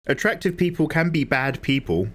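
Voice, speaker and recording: A man's voice: a little high, lively intonation, moderate pace, a bit bright. A man chatting and joking casually while he draws on a livestream. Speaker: livestreaming artist. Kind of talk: casual chat while drawing.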